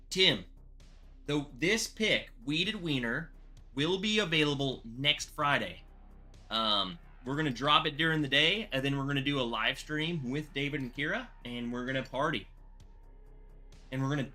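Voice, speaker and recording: A man hosting a casual bourbon livestream, excitable and rambling, thanking viewers by name. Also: mid-range voice, unhurried, faint music behind.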